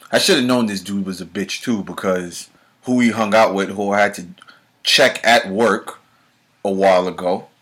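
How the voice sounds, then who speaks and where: A man's voice: lowish voice, measured pace, long pauses, fairly bright tone. A man, hosting his own show and delivering a heated, profane monologue straight at the listener. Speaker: show host.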